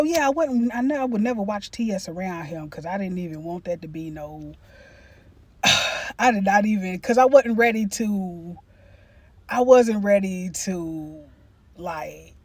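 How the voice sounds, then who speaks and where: A woman vlogger tells a casual storytime as she eats on camera. Her delivery is animated, profane and full of slang, and she is quick to break into a loud cackle. Her voice sits at a middling pitch.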